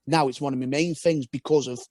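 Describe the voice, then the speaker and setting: A man's voice: mid-range voice, fairly even intonation, fast, darkish tone, dry recording. A young man, a former footballer, talking casually as a podcast guest in a rambling storytelling way with frequent restarts.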